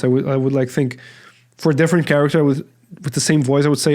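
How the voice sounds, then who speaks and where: A man's voice: on the high side, fairly even intonation, fast, warm tone. A man from the Netherlands, chatting casually and rambling as a podcast host. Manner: rambling, with many likes and restarts. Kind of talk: casual chat.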